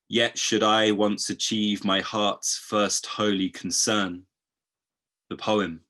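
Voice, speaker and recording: Man, poetry reading, low voice, slow unhurried delivery, expressive verse, halting asides. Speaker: poet.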